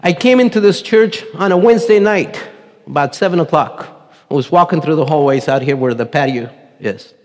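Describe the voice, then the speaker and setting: Moderately paced, his voice a little high and darkish, a middle-aged church member tells his personal testimony to the congregation. He acts out quoted voices with earnest storytelling, recorded in a sanctuary with long reverb.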